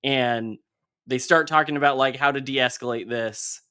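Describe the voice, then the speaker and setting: A man's voice: mid-range voice, normal speed, smooth. A man on a podcast, casually retelling a comic issue scene by scene and briefly acting out the characters' lines. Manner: animated storytelling, acting out comic dialogue in passing. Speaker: podcast host.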